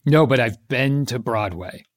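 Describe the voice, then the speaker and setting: A man's voice: mid-range voice, measured pace, no room sound. A man co-hosting a podcast, bantering in a casual comedic chat with a dry, understated playfulness. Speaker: podcast co-host.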